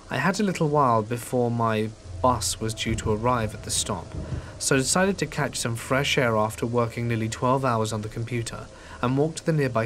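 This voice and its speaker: A man reading a first-person horror story aloud in a calm, measured way, as scripted narration. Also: mid-range voice, a little hiss or hum. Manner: calm, measured storytelling meant for falling asleep. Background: rain falling.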